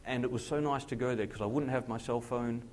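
A man, a pastor telling a personal testimony in a sermon, acting out the dialogue with lively jumps in his voice. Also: quick pace, a little hiss or hum. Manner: animated storyteller who acts out dialogue with big pitch jumps.

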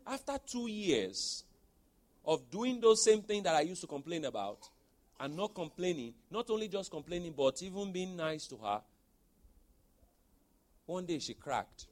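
A man in his forties preaching a sermon, telling a personal story and moving from soft storytelling to loud exhortation. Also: sits high, sing-song, a little slow, pauses often.

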